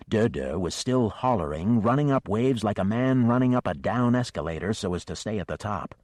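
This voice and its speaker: Low-voiced man narrating expressively. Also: normal speed, hardly any pauses, dry recording, studio quality. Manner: expressive storytelling. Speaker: audiobook narrator. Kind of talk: scripted narration.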